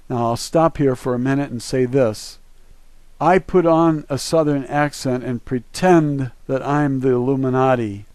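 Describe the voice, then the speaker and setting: A man's voice: mid-range voice, a little mellow, no room sound. A man from the northern United States giving an emphatic, opinionated monologue, urging his viewers on. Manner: emphatic, preachy, urging listeners. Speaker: online video host.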